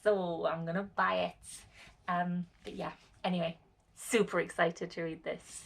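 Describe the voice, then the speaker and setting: Chatty woman with a gravelly edge. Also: lowish voice, little pitch movement, unhurried, slight background noise. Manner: chatty, rambling with fillers and restarts. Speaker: vlogger. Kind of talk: casual chat to camera. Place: caravan lean-to shed.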